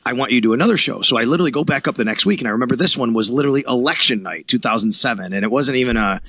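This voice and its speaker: A man's voice: medium pitch, racing, pushed and bright, dry recording. A man from Buffalo, New York, a sports reporter who is a podcast guest, telling his story animatedly and acting out quoted dialogue. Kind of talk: casual storytelling interview.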